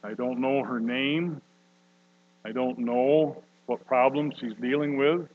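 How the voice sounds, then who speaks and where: A man preaching a sermon, slow and earnest, building to loud emphatic peaks. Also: mid-range voice, steady tone. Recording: dull lo-fi recording with mains hum.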